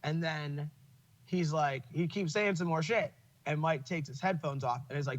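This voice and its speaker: A man's voice: fairly high pitch, normal speed, muffled recording. A man hosting a podcast in casual chat, swearing freely and laughing as he tells stories. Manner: profane, opinionated, laughs while telling stories. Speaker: podcast host.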